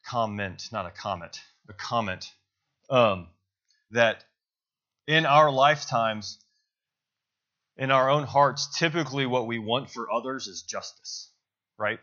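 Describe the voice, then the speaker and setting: A pastor preaches a sermon at a church service, speaking to the congregation in a loose, conversational way, correcting himself along the way and checking in with "right?". His voice is medium-pitched, bright and forceful, though the audio is dull.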